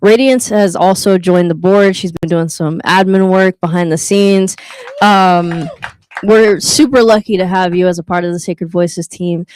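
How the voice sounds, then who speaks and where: A woman's voice: lowish voice, moderate pace, darkish tone, dry recording. A woman hosting a live open mic night, joking with the crowd and reading a poem, with a playful, teasing manner. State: out of breath. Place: live venue with an audience.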